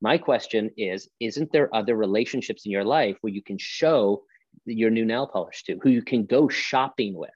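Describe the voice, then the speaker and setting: Brief: male pastor guest, low voice, emphatic preaching cadence, dull lo-fi sound. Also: moderate pace, a little mellow, husky, dry recording. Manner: emphatic, preacherly, rhetorical questions. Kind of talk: podcast conversation.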